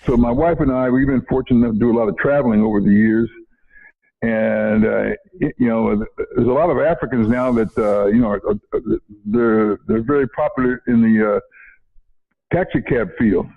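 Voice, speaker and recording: An older man who retired from education chats through stories in a relaxed interview, circling back over the same words and chuckling frequently. His voice is medium in pitch and moves at a normal speed, captured with a narrow, telephone-like sound.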